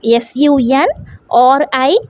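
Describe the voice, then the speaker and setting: A woman with an Indian English accent teaching a classroom English lesson, spelling words out letter by letter in a slow, deliberate way. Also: sits high, fairly even intonation, a little mellow, no room sound. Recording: dull lo-fi sound.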